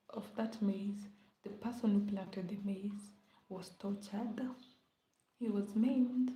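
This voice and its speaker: A woman's voice: mid-range voice, mellow. A woman chatting casually on a live stream, rambling and often dropping into a whisper. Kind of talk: casual late-night live chat. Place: indoor room at home. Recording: echoey room with faint ambience.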